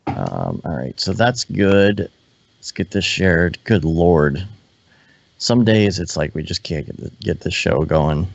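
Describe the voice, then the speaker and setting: A man co-hosting a casual live podcast, talking in a relaxed, rambling way that often stops and restarts. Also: deep voice, slow pace, creaky. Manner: relaxed, rambling, self-interrupting. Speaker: podcast co-host. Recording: dry, dull lo-fi online call audio.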